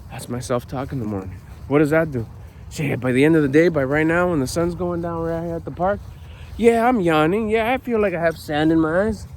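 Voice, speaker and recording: A middle-aged man giving a casual motivational talk outdoors at a park, blunt and animated, swearing freely. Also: a little high, fairly quick, slight background noise. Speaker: personal development vlogger.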